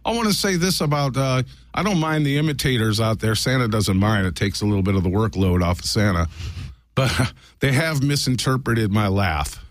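A man's voice: moderate pace, no room sound, studio quality, lightly acted. A man playing a crude, boozy Santa. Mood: sleazy, boastful. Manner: drawling, crude, low rumbling laugh. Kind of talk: comedy bit with improvised songs on guitar.

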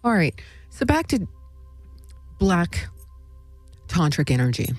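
A woman's voice: fairly low pitch, big pitch swings, slow pace, no room sound, faint music behind. A woman hosting a spiritual talk show, speaking in a meandering monologue full of "you know" and "right?". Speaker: host.

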